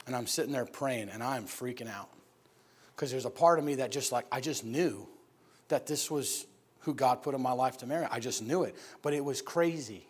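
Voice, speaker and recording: A man preaching in a church, telling his personal story in an animated, laughing storytelling manner. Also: medium pitch, moderate pace, breathy edge. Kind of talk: sermon testimony.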